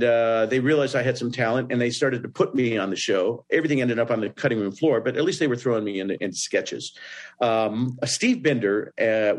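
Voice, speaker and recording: A man from Indiana, a guest in an interview, telling stories in a lively way and jumping into other people's voices. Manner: animated, breaks into voices with big jumps up in pitch. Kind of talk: storytelling in an interview.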